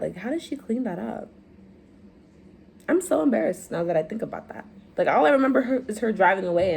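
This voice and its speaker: A young woman vlogger telling stories in casual chat, animated, acting out quotes in a higher voice. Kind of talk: casual storytime vlog.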